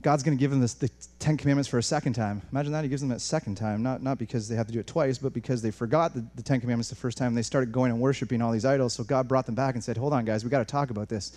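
A man preaching a sermon in an animated way, moving between quiet asides and raised, emphatic passages, with frequent restarts. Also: medium pitch, very fast, hardly any pauses. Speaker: pastor.

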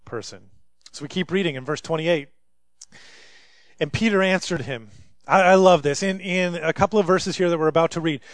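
A man preaching with a notably high voice. His delivery is impassioned, swelling into loud pleas and sinking to near hushes. The sound is close and dry, with no room around it. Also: dry recording. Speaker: pastor. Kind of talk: sermon.

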